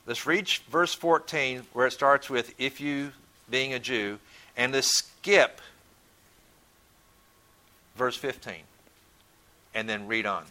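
A man's voice: mid-range voice, slow pace, long pauses, sharp tone. A man teaching a Bible study in a conversational way, often repeating words as he thinks and asking his listeners questions.

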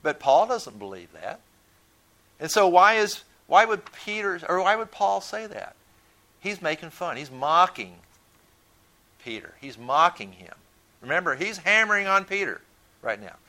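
A man's voice: sits high, very animated, measured pace, pushed and bright. A man teaching a Bible study in a conversational way, often repeating words as he thinks and asking his listeners questions.

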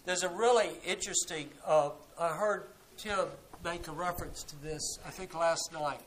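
High, bright-voiced man teaching scripture. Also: moderate pace, a little hiss or hum, low-quality recording. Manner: explanatory, often corrects himself mid-sentence. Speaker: congregation Bible teacher. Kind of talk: Bible teaching with audience questions.

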